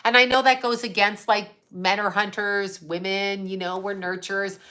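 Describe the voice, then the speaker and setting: A woman in her fifties talks casually to her viewers with a bright, forward voice. She is blunt and sarcastic, swears freely and laughs often between remarks. Her pitch sits at a middling height for a woman. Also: fairly even intonation, normal speed. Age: 50s. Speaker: psychic medium and livestream host. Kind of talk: casual livestream chat answering viewers.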